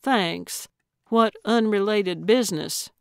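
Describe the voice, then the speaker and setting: A woman's voice: medium pitch, slow, creaky, clear, resonant tone, no room sound, studio quality. Woman doing a feisty old lady sleuth. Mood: eager. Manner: blunt, sarcastic. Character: elderly woman sleuth, feisty and sharp-tongued.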